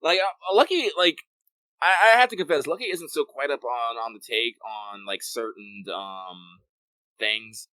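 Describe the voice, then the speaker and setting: At a measured pace, a man on a desk mic co-hosts a casual gaming podcast, rambling with plenty of swearing and filler words. His medium pitch has a bright, forceful tone, with no echo.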